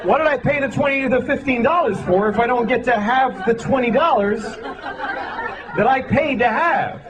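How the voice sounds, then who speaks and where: A man's voice: very high-pitched, moderate pace, noisy background. A man doing stand-up comedy, riffing in an exasperated, profane way. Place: comedy club stage. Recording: live club set, loud crowd. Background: loud audience laughter.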